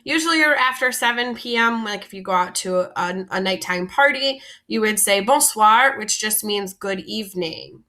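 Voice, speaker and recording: A woman's voice: medium pitch, expressive, normal speed, hardly any pauses, sharp tone. A woman teaching French vocabulary in a patient, explanatory lesson, often recapping and repeating terms.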